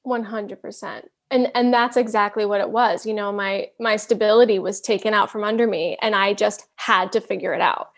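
A woman guest in a podcast interview, speaking in an earnest, candid way with halting restarts. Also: medium pitch, steady tone. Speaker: interview guest, wellness counselor. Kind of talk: casual interview chat.

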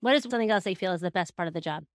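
A woman's voice: lowish voice, very fast, no room sound, studio quality. A woman hosting a podcast interview, asking friendly questions and laughing along. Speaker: podcast host.

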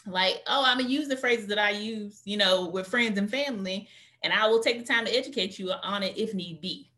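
A woman guest on an interview podcast, telling her story in an animated, conversational way and acting out what people said. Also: mid-range voice, fairly quick. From United States. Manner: animated storyteller, acts out quotes. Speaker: guest, career coach.

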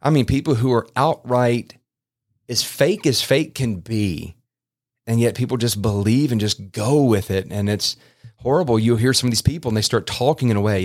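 An earnest man talks into a podcast microphone about faith. He rambles and restarts often, and his voice sits at an ordinary middle pitch. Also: lively intonation, moderate pace, darkish tone. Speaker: podcast host. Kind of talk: casual podcast preaching.

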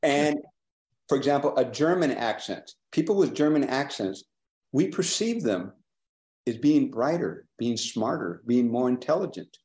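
A man from California, a trial lawyer speaking on a panel, animated and asking questions of the others. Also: mid-range voice, measured pace, roomy sound. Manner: animated, asks the room questions. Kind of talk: panel discussion.

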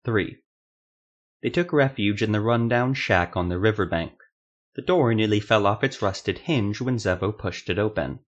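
A man with a low voice narrating a fantasy story. His delivery is steady and measured, with scripted, even storytelling. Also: highs cut off.

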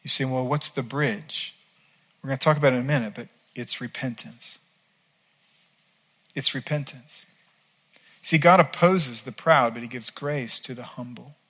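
A man preaching a sermon as pastor, earnest and emphatic, swinging between quiet and loud. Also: mid-range voice, normal speed, pauses often.

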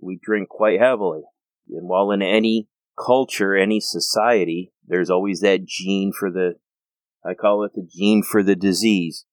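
A man's voice: low voice, steady tone, moderate pace, no room sound. An American man with an earnest, rambling way of talking, hosting a casual monologue full of restarts. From United States. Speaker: host.

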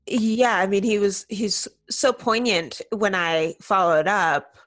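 A woman's voice: mid-range voice, steady tone, slow, a bit bright. A woman hosting a podcast, setting up a clip and reflecting with her guest in a conversational way. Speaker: podcast host.

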